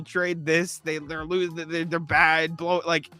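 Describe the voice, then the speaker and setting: Sarcastic ranting man, bright voice. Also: fairly high pitch, level tone, normal speed. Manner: sarcastic, exasperated ranting with profanity. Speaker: podcast co-host. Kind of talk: live sports talk show, ranting.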